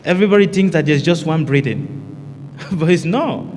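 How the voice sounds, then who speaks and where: A man's voice: fairly high pitch, lively intonation, normal speed, darkish tone, a little hiss or hum. Emphatic male meditation teacher, echoing hall. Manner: asks rhetorical questions and answers them himself; emphatic, repeats key phrases. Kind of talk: spiritual teaching talk to a group.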